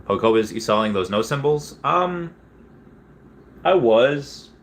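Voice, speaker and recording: A man's voice: on the low side, expressive, fairly quick, fairly bright tone, slight background noise. A young man casually chatting on a livestream, rambling with many fillers as he reads chat messages and reacts. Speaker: streamer reading chat.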